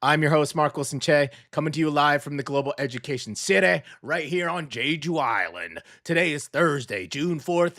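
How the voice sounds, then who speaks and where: A man's voice: fairly high pitch, a bit bright. A man hosting a casual English morning show, joking around with a put-on Southern twang and rambling through fillers and self-corrections. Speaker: radio show host.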